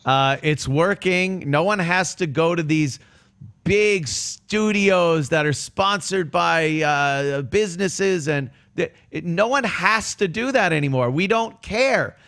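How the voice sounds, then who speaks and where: A man's voice: fairly high pitch, expressive, slow, a bit bright. A man hosting a casual talk show, chiming in briefly and laughing along with his guest. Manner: laughs along, short interjections. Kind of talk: casual chat.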